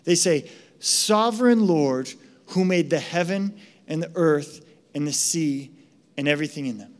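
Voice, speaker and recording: A man's voice: a little high, normal speed, a little mellow. A man from the United States preaching a sermon, telling a story with lots of "right?" asides. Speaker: pastor.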